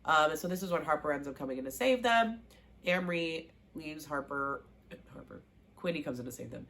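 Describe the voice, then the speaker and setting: A show recap vlogger with a low voice talks briskly through a TV season. She's casual and animated, acting out the characters' lines and gushing about her favorite scenes.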